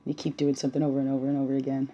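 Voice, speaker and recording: A woman's voice: a bass voice, monotone, very fast, mellow, lo-fi sound. Bubbly woman doing a chill spiritual card reading, chatty, keeps saying right?. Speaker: spiritual guide reading oracle cards. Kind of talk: casual spiritual teaching monologue.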